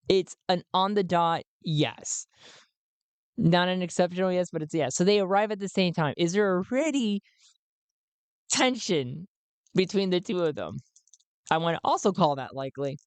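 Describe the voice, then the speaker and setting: A man's voice: high voice, clear, resonant tone, no echo. A man narrating and rolling dice in a solo tabletop game, thinking aloud and often restarting his sentences.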